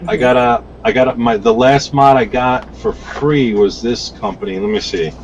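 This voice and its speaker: A man's voice: mid-range voice, moderate pace, lo-fi sound, a little hiss or hum. A man talking as a podcast guest, telling stories in a rambling, profane way and often repeating himself. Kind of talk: casual storytelling chat.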